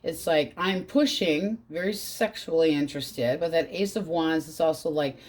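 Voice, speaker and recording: Woman, low voice, casual tarot reader, blunt and profane. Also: normal speed, a little mellow. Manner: blunt, swears freely, quotes in exaggerated voices.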